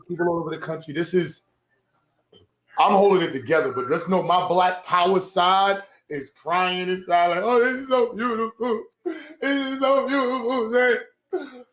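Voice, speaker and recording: A man hosting an online community meeting, talking in an energetic, hyped, slangy way and calling out to people. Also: fairly high pitch, roomy sound, background noise. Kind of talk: casual, excited hosting.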